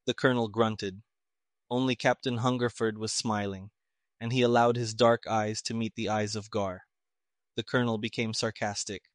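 Measured male story narrator, dry sound. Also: fairly low pitch, steady tone, dry recording.

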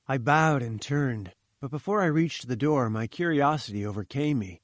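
A man's voice: mid-range voice, moderate pace, hardly any pauses, no room sound, studio quality. A man narrating a story in the first person, voicing its characters in turn. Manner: reads with lively character voices. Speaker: audiobook narrator. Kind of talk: scripted narration.

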